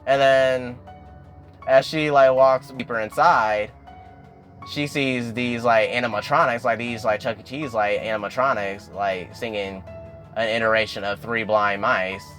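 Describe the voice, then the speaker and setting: A man's voice: mid-range voice, steady tone, unhurried, fairly bright tone, soft background music. A man recapping a TV episode in a chatty, casual way, filling his talk with "like" and "and everything". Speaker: TV recap vlogger.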